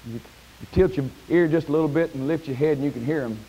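A preacher man delivering a folksy sermon from the pulpit, his fairly high voice swinging up into loud, shouted peaks. There is a faint hiss under the recording. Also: fast, rough recording. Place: church sanctuary.

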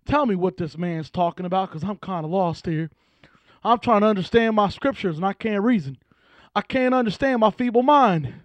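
A preacher voicing a puzzled Ethiopian court official, speaking softly and searchingly. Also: male voice, sits high, lively intonation, normal speed, dry recording, lo-fi sound.

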